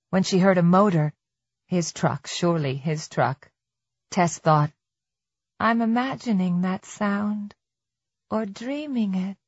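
A woman narrating an audiobook in a steady, measured way, her voice sitting a little low. The recording is dry and close, with a slightly dull, muffled top end. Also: no echo. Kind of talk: scripted narration of a suspense novel.

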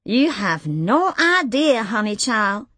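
A woman's voice: fairly high pitch, very animated, slow pace, a bit bright, no room sound, heavily acted. A woman reading as a brash, crude office veteran. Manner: brash, teasing, drawn out. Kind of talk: audiobook reading.

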